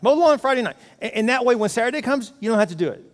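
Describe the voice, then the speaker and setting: A middle-aged man preaching a sermon in a lively, animated way, acting out his own inner voice. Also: very high-pitched, racing. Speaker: pastor. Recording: long hall reverb.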